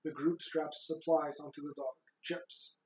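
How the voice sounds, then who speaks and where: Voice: medium pitch, fairly even intonation, measured pace, darkish tone. A co-host plainly summarizing a movie plot in casual chat, with fillers and restarts. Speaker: podcast co-host. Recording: roomy echo.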